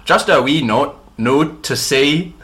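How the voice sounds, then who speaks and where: Guy doing a loud northern irish letter writer, ulster accent, bright and hammy. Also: a little high, slow pace, pitched above the performer's own voice. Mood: mock-earnest. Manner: exaggerated, loud letter-reading voice. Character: Northern Irish theology student writing in.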